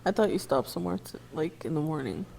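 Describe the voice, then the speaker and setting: Mellow, laid-back woman co-host. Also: deep voice, expressive, fast, vocal fry. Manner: laid-back, joking, chuckles often. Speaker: podcast co-host. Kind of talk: casual podcast chat.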